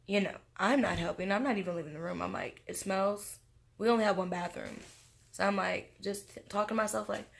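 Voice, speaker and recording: Tipsy young woman telling a story, gravelly. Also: medium pitch, slight background noise. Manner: animated, slangy storytelling with acted-out quotes. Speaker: vlogger. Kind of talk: casual storytime monologue.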